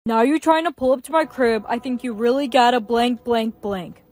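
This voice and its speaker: A text-to-speech voice as cold, ruthless Timmy. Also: female voice, fairly high pitch, normal speed, natural voice. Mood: scheming. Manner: flat synthetic delivery. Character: scheming young man Timmy, cold and ruthless.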